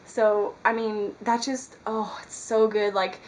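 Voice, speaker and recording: A woman's voice: medium pitch, flat delivery, takes it slowly, rough recording. Earnest rambling woman vlogger. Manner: earnest, rambling, filler-heavy. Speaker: Christian vlogger. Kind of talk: casual devotional talk to camera. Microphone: camera mic.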